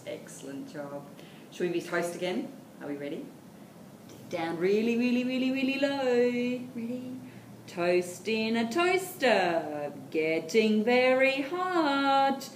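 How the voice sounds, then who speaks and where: A children's librarian with an Australian accent leads toddler storytime in a library room, singing rhymes and reading a picture book in an encouraging, sing-song way. Her voice is medium-pitched with big pitch swings, a little slow and a bit bright. She sounds far from the mic in an echoey room with a faint background hum.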